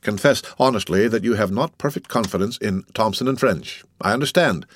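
A man reading the part of a cold, suave, gentlemanly wealthy count, in a coolly ironic, unhurried manner. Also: fairly low pitch, close to an everyday voice. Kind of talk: audiobook character reading.

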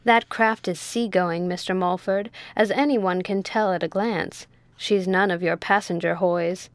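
A woman voicing a gruff, blunt male ship captain in a storybook reading, in a dry close sound. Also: medium pitch, fairly even intonation, measured pace, no room sound, lightly acted. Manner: blunt, exclamatory.

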